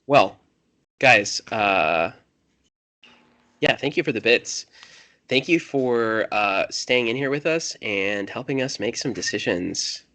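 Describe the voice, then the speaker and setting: A man's voice: mid-range voice, animated, takes it slowly, long pauses, pushed and bright, no room sound. A man running a tabletop game as game master, talking casually and correcting himself as he goes.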